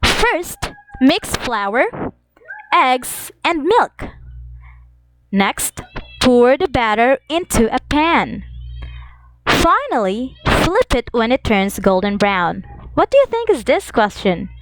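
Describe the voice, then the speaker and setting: A woman teaching an English lesson to young children, reading examples slowly in an exaggerated sing-song way. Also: high-pitched, sing-song, no room sound.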